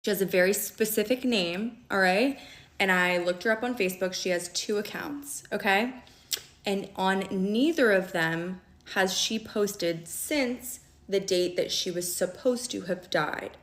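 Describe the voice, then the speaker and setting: A young woman telling a personal story in a vlog, emphatic and fast, often stopping to check in with "okay?". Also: medium pitch. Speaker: storytime vlogger. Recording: echoey room.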